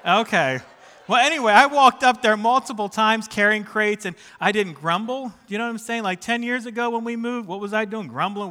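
This pastor, a middle-aged man, speaks briskly in a high, bright, forceful voice that fills the big room of a church sanctuary. His sermon leans on personal stories, and his manner is chatty and self-deprecating as he keeps checking in with those listening in the congregation.

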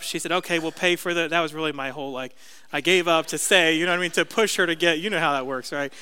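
A man's voice: a little high, fast talker, bright, forceful tone, clear, resonant tone, long reverb tail. A middle-aged man, a pastor, preaching a sermon in a conversational, self-deprecating storytelling way.

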